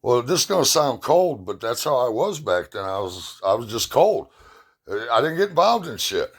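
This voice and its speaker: A man's voice: medium pitch, big pitch swings, moderate pace, slightly rough. A middle-aged man telling personal stories at home in a rambling, plain-spoken, profane way. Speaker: storyteller. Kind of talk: casual personal storytelling.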